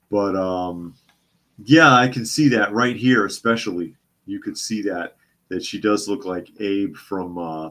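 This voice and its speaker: A man's voice: low-pitched, fairly bright tone. A man hosting a casual news commentary show, sarcastic and often repeating his phrases for emphasis. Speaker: host.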